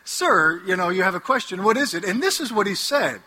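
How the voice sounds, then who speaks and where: A man preaching as a Catholic priest to a live audience, an animated, joking storyteller speaking into a headset mic. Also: sits high, a little fast. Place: hall before an audience.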